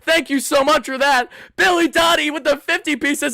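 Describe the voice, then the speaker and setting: A young man hosting an excited postgame livestream, worked up and sweaty, loudly thanking donors. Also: extremely high pitch, normal speed, few pauses, no room sound, studio quality. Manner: hyped, loud, shouting and thanking donors. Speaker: host of a fan live stream.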